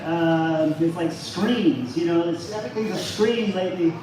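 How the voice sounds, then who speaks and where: A man doing a halting, self-deprecating stand-up set at an open mic in a bar. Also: a little high. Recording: echoey venue from far off, noisy.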